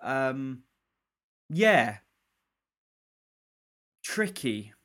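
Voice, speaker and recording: A man's voice: medium pitch, big pitch swings, very slow, a bit bright. A man co-hosting a casual podcast, rambling through his thoughts on a film with many restarts and stumbles. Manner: rambling, stumbling restarts, swears, laughs often. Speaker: podcast co-host. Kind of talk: casual film review chat.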